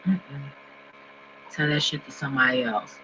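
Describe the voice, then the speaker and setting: A man ranting casually and profanely to his viewers from home, swinging between loud outbursts and low mumbling. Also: moderate pace. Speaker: vlogger. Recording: dull lo-fi recording with faint mains hum.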